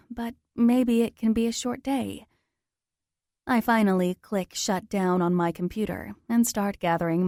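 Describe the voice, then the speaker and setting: A woman's voice: medium pitch, a little mellow, no room sound, studio quality. A woman narrating a romance audiobook in the first person, intimate and emotional.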